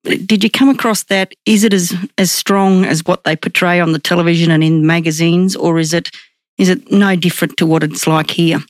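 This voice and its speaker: Aussie guy interviewing, kinda high voice, dry close sound, winding questions. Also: fairly even intonation, moderate pace, dry recording. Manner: conversational, long winding questions. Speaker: radio interviewer.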